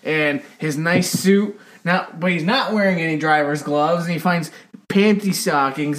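Slightly high-voiced man riffing casually. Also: steady tone, moderate pace. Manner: loose and profane, acts out mocking quotes. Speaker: podcast co-host. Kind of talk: casual film discussion podcast.

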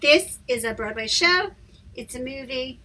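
A woman co-hosting a casual song-guessing podcast, playful and excitable with quick laughs. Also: sits high. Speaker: podcast co-host. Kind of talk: casual chat, music guessing game.

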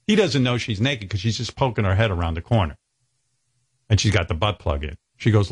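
A man with a low, husky voice rambles through a crude comic story, chuckling now and then. His pitch sits on the deep side, and his breathy tone softens the edges of his talk. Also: lively intonation, moderate pace. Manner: rambling, graphic, chuckling as he talks.

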